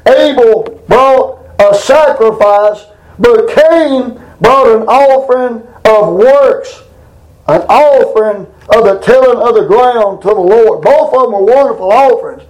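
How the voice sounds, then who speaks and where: An older preacher with an unusually high-pitched voice gives a down-home sermon from the pulpit, folksy and colloquial, drawing scripture out slowly and with emphasis. The room is echoey and the audio quality is poor.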